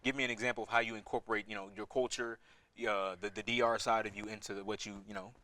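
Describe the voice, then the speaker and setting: A man's voice: fairly low pitch, little pitch movement, quick pace, pushed and bright, no room sound. A young man hosting a student late-night talk show, joking and playful, often restarting his sentences. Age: young adult. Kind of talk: casual interview chat.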